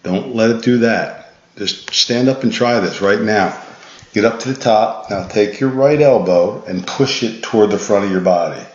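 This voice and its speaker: A man's voice: lowish voice, moderate pace, darkish tone. A man working as a golf instructor, patiently talking a student through a swing analysis in a tired, easygoing way with frequent restarts. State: tired, yawning. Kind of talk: swing analysis voice-over lesson. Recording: echoey, dull lo-fi sound.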